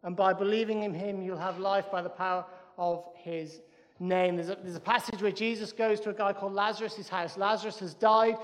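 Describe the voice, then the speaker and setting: A man with a very high voice delivers a sermon as the senior pastor. He talks animatedly and often restarts his phrases. The hall around him rings with a long reverb. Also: fairly quick. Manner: lively, animated preaching with a joke and repeated restarts. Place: church hall.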